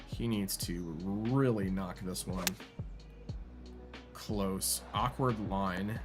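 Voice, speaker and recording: A man streaming a golf video game, rambling and joking as he thinks aloud with lots of fillers. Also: lowish voice. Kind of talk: casual gameplay commentary. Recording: music playing behind. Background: game music.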